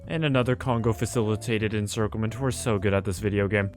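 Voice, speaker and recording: A man's voice: lowish voice, steady tone, soft background music. A young man giving casual, sarcastic commentary over a strategy game, mocking himself and cutting off his swearing. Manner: sarcastic, self-mocking, quick swearing cut short. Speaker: gaming video host.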